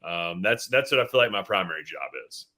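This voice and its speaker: A man's voice: deep voice, expressive, fairly quick, pushed and bright. A man in his thirties, a mayor, answering interview questions earnestly with frequent fillers and restarts. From Tennessee. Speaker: city mayor, guest.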